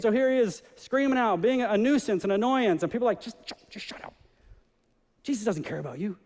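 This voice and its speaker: Male pastor, high voice, animated sermon delivery, long church reverb. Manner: animated preaching, acting out voices in the story. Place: church sanctuary.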